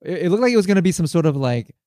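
A man with a very lively, up-and-down pitch talks on a casual podcast. He is hesitant and halting, restarting his thoughts. His recording sounds dry and close. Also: no room sound. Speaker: podcast co-host. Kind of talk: casual chat.

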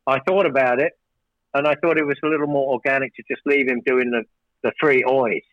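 A man's voice: mid-range voice, fairly even intonation, fairly quick, dry recording. Rambling male producer, dry dull audio. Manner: rambling, restarts while recounting studio stories. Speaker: record producer, guest. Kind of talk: casual storytelling interview.

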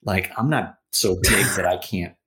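Deep-voiced man chatting loosely. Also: moderate pace. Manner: relaxed, many fillers like "like" and "you know". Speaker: podcast guest. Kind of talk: casual conversation.

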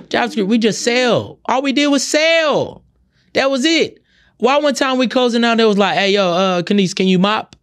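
A young man hosting a podcast, delivering a profane, heated comedic rant with lots of swearing. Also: extremely high pitch. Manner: profane, heated, animated ranting. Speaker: podcast host. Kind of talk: ranting comedic monologue.

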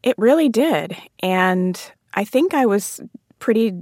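A woman's voice: mid-range voice, takes it slowly, breathy edge, dry recording, clean studio sound. A woman comedian and author telling stories as an interview guest, acting out the voices of the people she quotes. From United States, Jamaican immigrant family. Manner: animated storyteller, acts out quoted voices. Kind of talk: radio interview.

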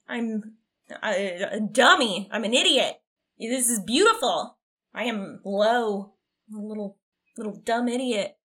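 A woman's voice: medium pitch, unhurried, fairly bright tone. A woman playing a tabletop game in character, stammering and calling herself dumb. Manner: stammering, self-deprecating. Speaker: player.

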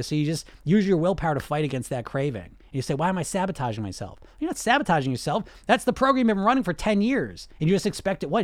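Blunt, animated male weight-loss coach. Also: sits high, dry recording, studio quality. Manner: blunt, animated, rhetorical questions. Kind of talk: livestream coaching talk answering questions.

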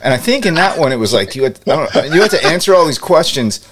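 A man's voice: fairly high pitch, fast. A man co-hosting a casual podcast, quizzing his friend and laughing often. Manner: laughing, animated quiz-giver. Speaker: podcast co-host. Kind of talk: casual chat.

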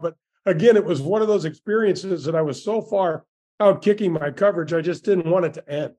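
A man's voice: high voice, fairly quick, warm tone. A man in his sixties, a former pro golfer, telling stories as an interview guest in a folksy, enthusiastic way with lots of restarts. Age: 60s. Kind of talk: storytelling interview.

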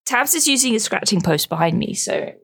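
A woman co-hosting a podcast, chatting casually and telling stories in a giggly, animated way. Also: medium pitch, brisk, gravelly, slightly rough. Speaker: podcast co-host. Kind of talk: casual chat.

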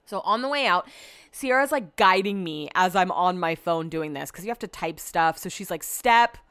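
A young adult woman hosting a podcast, telling a story in a casual, animated way with frequent swearing. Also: fairly low pitch, moderate pace, dry recording. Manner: animated, with swearing and quoted asides. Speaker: podcast host.

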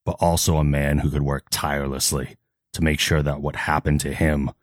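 Brooding masked vigilante, deep and solemn, dry close sound, voiced by a man. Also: level tone, no echo. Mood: earnest. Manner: solemn, measured delivery. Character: grim brooding male vigilante hero.

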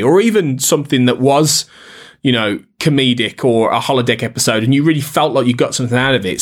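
A man co-hosting a podcast, talking casually about an episode, often hesitating and repeating words as he searches for them. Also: mid-range voice. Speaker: podcast co-host. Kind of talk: casual critical discussion.

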